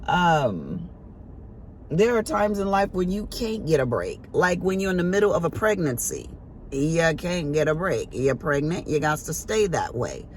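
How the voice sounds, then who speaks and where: Middle-aged woman vlogger, very animated pitch, chatty storyteller who acts out her own scoldings, faint hiss under the voice. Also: unhurried. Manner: animated storytelling with sharp exclaimed quotes. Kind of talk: casual chat to camera.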